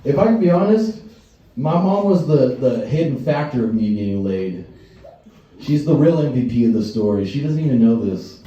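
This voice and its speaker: A young stand-up comedian with a dark, mid-range voice performs crude, profane stories on stage before a live audience, acting out the other people's voices. The recording has its highs cut off and a distant, roomy live sound.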